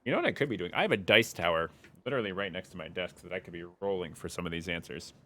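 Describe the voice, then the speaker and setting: This young man streams a game with playful running commentary, taunting foes and humming as he plays. He speaks at a racing pace in a deep, expressive, slightly bright voice.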